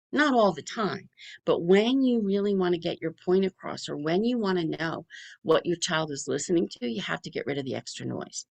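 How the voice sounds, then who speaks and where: A middle-aged woman speaks in a gravelly, fairly low voice. She talks to parents in a chatty, rapid-fire way, as a speech pathologist giving practical advice. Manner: chatty, talks fast with few pauses. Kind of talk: informal presentation to families.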